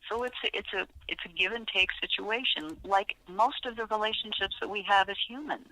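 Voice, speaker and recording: A woman's voice: mid-range voice, a little fast, pushed and bright, no echo, rough recording. A woman animal behaviorist chatting as a podcast guest, telling stories with frequent fillers and restarts. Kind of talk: podcast interview.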